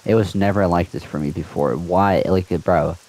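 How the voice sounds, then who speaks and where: A man's voice: low voice, normal speed, darkish tone, rough recording. A young man in a casual gaming vlog, ranting with frustration and repeating himself. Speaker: gaming video creator.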